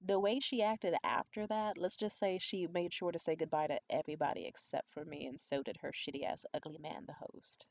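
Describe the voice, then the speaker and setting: Low-voiced woman telling a profane storytime. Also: fairly even intonation, normal speed, vocal fry, few pauses, no room sound, highs cut off. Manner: candid, profane, conspiratorial storytelling; acts out quoted voices high and loud. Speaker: vlogger. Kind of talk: storytime vlog.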